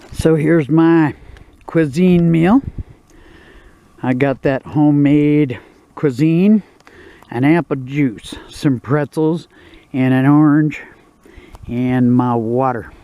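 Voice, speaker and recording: A man talking to his camera outdoors in the woods while he cooks over a campfire. His voice sits a little high but sounds mellow and dark, and he takes his time with every line. He keeps it folksy and joking. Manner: folksy, joking, laid-back. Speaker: vlogger cooking outdoors. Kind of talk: casual outdoor vlog narration.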